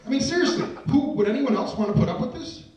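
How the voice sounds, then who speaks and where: A man's voice: extremely high pitch, lively intonation, fast, a little mellow, soft background music. A man doing a self-deprecating stand-up routine, telling a story with asides to the audience. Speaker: stand-up comedian. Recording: echoey room, distant mic, audience laughter. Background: audience laughter.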